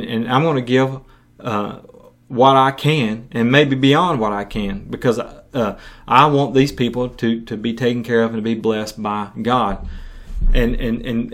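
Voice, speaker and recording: A man reading Bible passages and teaching on a podcast, earnest and prone to repeating words as he goes. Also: mid-range voice. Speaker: podcast preacher.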